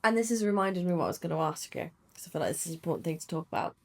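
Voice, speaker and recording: A woman hosts a podcast interview and keeps the talk going with encouraging questions. Her voice sits on the lower side. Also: very animated, rapid-fire, creaky. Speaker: podcast host. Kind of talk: interview conversation.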